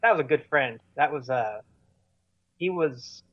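A man's voice: medium pitch, animated, measured pace, no room sound, muffled recording. A man telling stories as a guest in an interview, rambling with many fillers and restarts. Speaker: touring musician guest. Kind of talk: casual storytelling in an interview.

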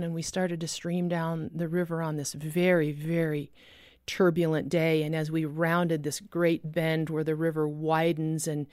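A woman's voice: darkish tone, dry recording. Dry-voiced woman preaching a testimony. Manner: intense, vivid storytelling, drops low for solemn moments. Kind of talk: dramatic testimony sermon.

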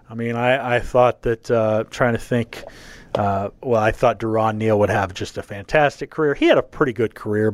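A man with a fairly low voice, recorded without echo, hosts a casual sports podcast. He thinks out loud haltingly, with plenty of fillers and restarts.

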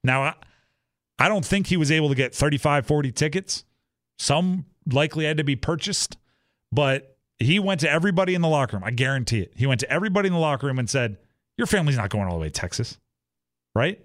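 A man's voice: on the high side, quick pace, no echo, clean studio sound. A young man co-hosting a sports talk show in a casual, rambling way, acting out the teammates he quotes. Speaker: sports podcast co-host.

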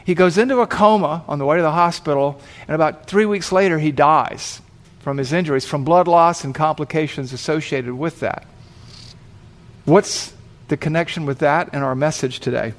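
A man's voice: fairly high pitch, moderate pace. A man preaching, telling a long story vividly and acting out the voices in it. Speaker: pastor. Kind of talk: sermon storytelling.

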